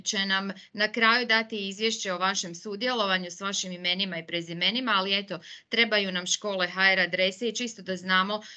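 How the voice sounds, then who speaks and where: A woman's voice: medium pitch, steady tone, fast, few pauses, sharp tone. A woman from Croatia hosting a webinar over a video call, giving practical notices in a hesitant way with frequent fillers. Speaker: webinar host. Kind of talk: webinar announcements.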